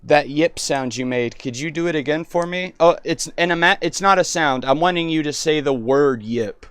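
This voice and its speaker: Rambly excited guy on a live stream, smooth resonant voice, kinda high, dry sound. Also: normal speed, no room sound.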